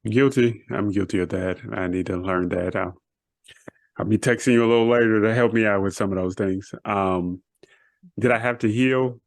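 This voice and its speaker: A man's voice: fairly low pitch, moderate pace, dry recording. A man hosting a casual conversation, chiming in with short remarks and owning up to his faults. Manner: brief affirmations, self-deprecating.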